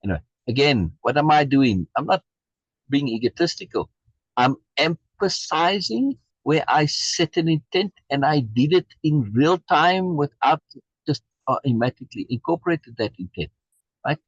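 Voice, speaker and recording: Over a video call with dull lo-fi audio, a man leads a program, reading a text aloud and commenting emphatically while repeating key phrases. His slightly high voice is lively and breathy at normal speed, with no room sound.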